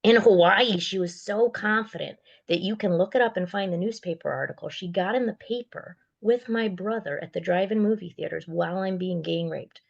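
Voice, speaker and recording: A woman's voice: mid-range voice, normal speed, gravelly, hardly any pauses, muffled recording. A woman giving a candid personal testimony in a raw, blunt and profane way, with bitter sarcasm. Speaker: guest sharing her survivor story.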